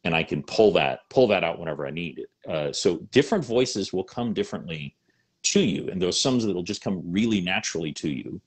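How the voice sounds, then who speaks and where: A middle-aged man and voice actor chatting in an interview, animated and rambling with lots of fillers. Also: low voice, a little fast, husky. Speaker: voice actor and salesman. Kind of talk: casual interview chat.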